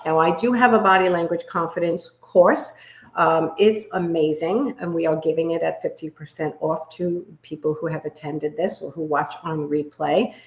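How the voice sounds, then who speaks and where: A woman body language coach giving a live workshop, talking in a demonstrative way and shifting her pitch and volume to make her points. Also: steady tone, normal speed. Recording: echoey room.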